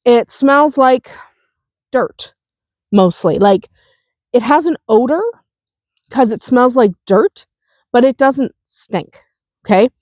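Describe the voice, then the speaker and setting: This homestead host is a woman with a fairly high but darkish voice who talks slowly, leaving long pauses, with no room sound behind her. Nursing a cold and working on a lozenge, she gives a casual outdoor lesson on composting, laughing, chatting, and starting over frequently.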